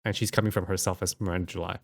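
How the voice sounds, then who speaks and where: A man's voice: low voice, level tone, rapid-fire. A man co-hosting a podcast, chatting casually about films with many fillers and frequent laughs. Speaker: podcast co-host. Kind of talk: casual film discussion.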